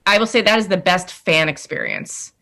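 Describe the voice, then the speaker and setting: A woman guest on a casual podcast who talks in an animated, self-deprecating way. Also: on the low side, moderate pace. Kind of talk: casual chat.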